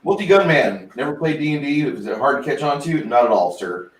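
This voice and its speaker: A man's voice: mid-range voice, expressive, fairly quick, echoey room, rough recording. A man hosting a casual tabletop gaming chat, reading out viewer comments in a laid-back, wry way. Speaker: podcast host.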